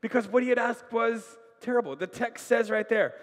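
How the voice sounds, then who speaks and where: A man preaching a sermon, telling the story with animated voices and putting questions to the congregation. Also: very high-pitched, a little fast, few pauses. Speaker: pastor. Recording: long hall reverb.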